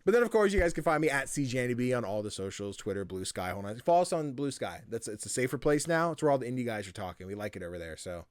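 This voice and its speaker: A man hosting a casual podcast, telling stories in an animated, laughing way, with a tired throat. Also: medium pitch, quick pace, hardly any pauses, no room sound. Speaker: podcast host.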